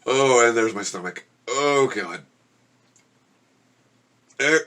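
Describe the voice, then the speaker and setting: A man's voice: mid-range voice, slow pace, pauses often, bright, forceful tone. A man vlogging at home, groaning and complaining as he suffers through a very spicy meal. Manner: groaning and complaining while eating spicy food. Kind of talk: casual vlog to camera. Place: home room with a gecko habitat.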